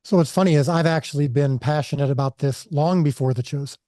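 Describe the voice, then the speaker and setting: Earnest man telling a story, dark dry sound. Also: a little high, fast talker, no echo. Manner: earnest, animated storytelling with many restarts. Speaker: filmmaker guest. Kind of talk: conversational podcast interview.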